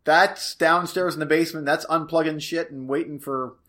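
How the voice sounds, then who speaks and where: A man's voice: a little high, fairly even intonation, moderate pace, sharp tone. A man co-hosting a podcast, easygoing and casual, with brief replies. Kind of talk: casual chat.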